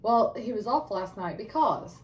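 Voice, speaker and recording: A woman's voice: medium pitch, animated, a little slow, distant mic. A woman co-hosting a casual podcast, telling stories in a matter-of-fact way with frequent laughs and swearing. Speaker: podcast co-host. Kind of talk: casual profane chat.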